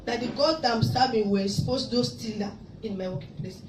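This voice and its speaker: A high-voiced woman from Africa tells her testimony in a church hall, growing more and more emotional and rising to loud praise. She sounds far from the mic in a roomy, echoing space. Constant background noise sits under her voice. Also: a little fast. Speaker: church member giving testimony. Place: church hall in Abu Dhabi.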